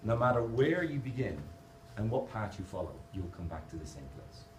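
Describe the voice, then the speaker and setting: A man's voice: fairly low pitch, big pitch swings, normal speed. A man with an Irish accent giving a playful, humorous conference talk, explaining his drawings as he goes. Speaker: conference speaker. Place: large conference hall. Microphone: distant camera. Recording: echoey hall from far off, noisy.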